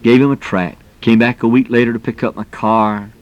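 Male preacher, middle-aged, folksy and emphatic delivery, mid-range pitch. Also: fairly even intonation, moderate pace. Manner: folksy and emphatic, exclamations of "man". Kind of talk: sermon.

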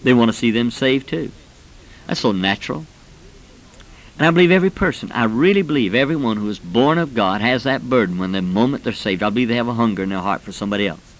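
A fervent man in his forties preaches a sermon at a middle pitch. His voice climbs to emphatic peaks as he weaves personal stories into the message. He has an earnest, storytelling manner. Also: expressive, fast, poor audio.

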